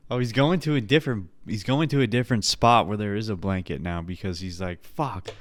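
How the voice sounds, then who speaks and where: A man's voice: lowish voice, a little fast, dry recording, studio quality. A man hosting a podcast, ranting playfully and crudely in a casual comedic style. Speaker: podcast host.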